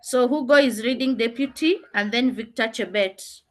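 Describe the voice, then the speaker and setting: A female teacher leads a classroom revision lesson, stressing key phrases, repeating herself and often pausing on "uh". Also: fairly high pitch. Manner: emphatic, repeats key phrases with frequent "uh" fillers. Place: classroom with students.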